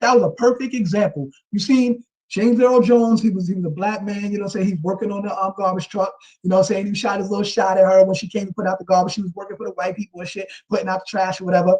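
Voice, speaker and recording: A man's voice: sits high, steady tone, quick pace, few pauses, a little mellow, rough recording. A man giving casual, emphatic ranting commentary on a vlog, often tagging his points with a rhetorical question. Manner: emphatic, repeats "you know what I'm saying".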